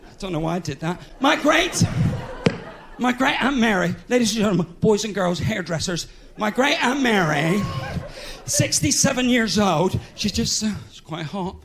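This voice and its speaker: A man's voice: high voice, animated, normal speed, fairly bright tone. A man with a West Country English accent doing live stand-up comedy in a large theatre, chatty and self-mocking as he banters with the crowd. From England.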